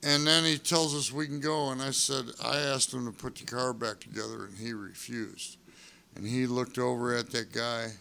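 His voice is medium in pitch, clear and resonant yet marked by vocal fry, and he keeps a moderate pace. The middle-aged former wrestler recounts life on the road in casual, profane talk, animatedly acting out the dialogue.

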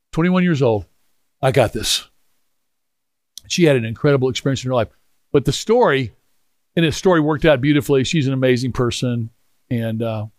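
A middle-aged man preaching a storytelling sermon, animated and rambling with frequent restarts, moving into prayer. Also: mid-range voice, no room sound, studio quality. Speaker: pastor.

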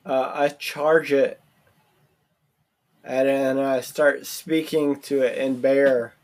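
A man playing a tabletop game, answering in short deadpan lines. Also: mid-range voice, takes it slowly. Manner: terse, deadpan. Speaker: player. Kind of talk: casual tabletop game chat.

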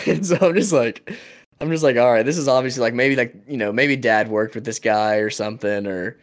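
A man's voice: medium pitch, normal speed. Laid-back young man telling stories. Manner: laid-back storytelling, laughs often, many fillers. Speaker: podcast co-host. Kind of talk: casual chat.

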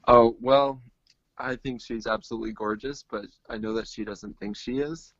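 A man's voice: mid-range voice, fairly even intonation, normal speed, fairly bright tone, dry recording, lo-fi sound. A man from the United States, an easygoing, joking guest. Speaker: interview guest. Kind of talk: casual interview chat. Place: calling in from home.

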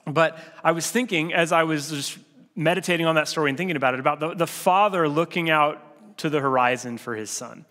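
A man's voice: fairly high pitch, a little fast, sharp tone. Conversational man preaching in a reverberant hall. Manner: conversational, with filler restarts. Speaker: pastor. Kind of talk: sermon.

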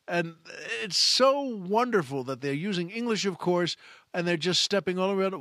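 A man's voice: high voice, lively intonation, moderate pace, fairly bright tone, no room sound, clean studio sound. A man hosting a podcast, telling a film anecdote in a chatty, enthusiastic way, often restarting his phrases. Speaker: podcast host. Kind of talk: casual anecdotal storytelling.

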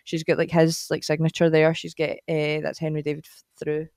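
A Scottish woman talks at a brisk clip in an eager, rambling podcast chat. Her sentences often trail off before she picks up the next thought. Her voice sounds close and dry, with no room around it. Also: low-pitched, completely flat delivery, darkish tone, no room sound. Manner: chatty and enthusiastic, trails off mid-sentence. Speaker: podcast co-host, guest sister. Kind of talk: casual chat.

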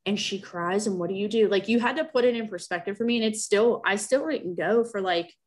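A woman's voice: mid-range voice, brisk. A young woman telling a personal story in casual conversation, acting out the remembered exchanges in her own voice. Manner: animated, acts out remembered exchanges. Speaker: guest sharing a personal story.

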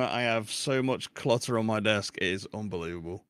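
Low-voiced man, chatty. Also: moderate pace, fairly bright tone, clean tone. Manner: rambling, self-deprecating, laughs often. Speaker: podcast guest, streamer. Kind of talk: casual chat.

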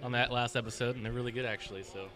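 A man's voice: medium pitch, rapid-fire. A man co-hosting a podcast, joking and chatting casually. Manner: animated, joking. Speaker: podcast co-host. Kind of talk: casual chat.

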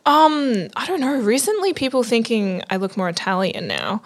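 A woman's voice: on the high side, big pitch swings, normal speed. Young woman, chatty storyteller. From Australia. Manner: chatty storyteller, lots of fillers like 'like' and 'I'm just like'. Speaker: podcast host. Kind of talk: casual conversation.

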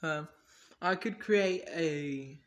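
His voice sits a little high with a fairly bright tone, and he draws out his words. As a solo podcast host, he delivers a rambling, profane monologue that leaps between subjects and includes acted-out mock dialogue.

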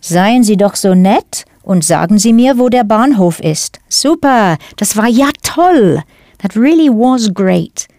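Woman teacher for a studio language course; lively, encouraging delivery, dry booth sound. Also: medium pitch, unhurried, dry recording. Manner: clear, encouraging instruction. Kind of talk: scripted audio lesson.

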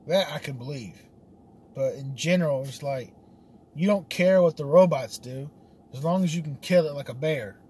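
Guy vlogging, kinda high voice, rambles and swears a lot. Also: normal speed, mellow, a little hiss or hum. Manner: rambling, swearing, laughing at himself. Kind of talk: casual monologue.

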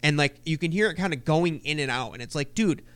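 A fairly high-voiced man co-hosting a podcast, telling stories in an animated, foul-mouthed way. He sounds close to the mic in a dry, dead room. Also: fast talker, clear, resonant tone, no echo. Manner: animated storyteller, swears constantly. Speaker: podcast co-host. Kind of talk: casual chat.

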